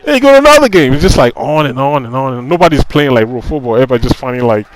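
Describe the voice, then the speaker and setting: Speaking very fast in a sing-song, mid-range voice, a man comments casually on his own football video game match. The audio is poor with slight background noise, and his frustrated, conversational ranting leans on "you know" and repeated phrases.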